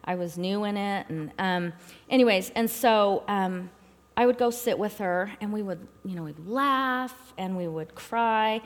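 A middle-aged woman giving a personal testimony at a church talk, earnest and halting, with frequent fillers. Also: mid-range voice. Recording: long reverb in a hall.

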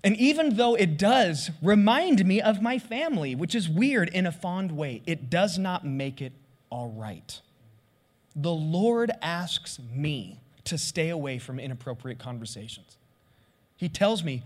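A man's voice: on the high side, sing-song, measured pace. A middle-aged man who pastors a church, preaching a candid, confessional sermon and voicing his own prayers as he goes.

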